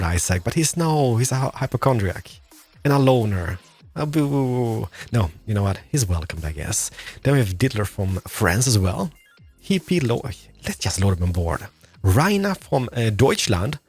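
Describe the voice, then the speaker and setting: A man's voice: medium pitch, creaky, husky. A man in his thirties giving playful, jokey let's-play commentary as a gaming video host, thinking aloud as he plays.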